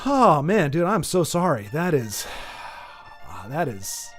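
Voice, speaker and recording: A man's voice: on the high side, very animated, slow pace, faint music behind. An American man streaming games and chatting casually with viewers, rambling with lots of restarts and sympathy. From United States.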